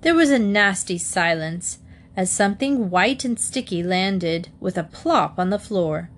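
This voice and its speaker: A woman narrating a children's storybook in a steady read-aloud manner. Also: medium pitch, measured pace. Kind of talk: storybook reading.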